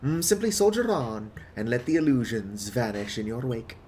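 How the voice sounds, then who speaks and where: A man voicing a hairy old male hermit builder as he reads game dialogue aloud, with soft "mm" and "uh" fillers. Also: mid-range voice, expressive, moderate pace, a little hiss or hum, lightly acted. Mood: guiding. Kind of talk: reading game text aloud.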